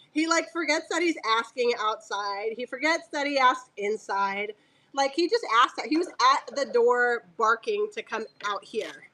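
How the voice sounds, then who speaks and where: A woman's voice: a little high, a bit bright. A woman selling fabric on a casual live stream, chatty and joking, laughing often and talking aside to her dog.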